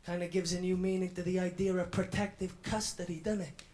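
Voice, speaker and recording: This young man's high voice sounds natural and a little mellow, fairly quick but with little pitch movement. The speaker is an actor performing a radio-drama role as an edgy, defiant stand-up in his 20s with a Welsh accent, telling a swaggering routine.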